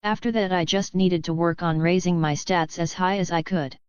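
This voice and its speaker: A woman's voice: fairly low pitch, fairly even intonation, moderate pace, darkish tone, clear, resonant tone, no room sound, lo-fi sound, lightly acted. A woman reading as a brash, joking young adventurer. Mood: matter-of-fact. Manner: wisecracking, blunt.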